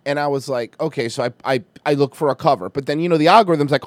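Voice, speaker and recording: A man's voice: a little high, fast talker, hardly any pauses, no echo. A man hosting a casual stream, joking and swearing a lot while reacting to music videos. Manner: profane, joking, laughs often. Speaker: stream host. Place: hot-weather area.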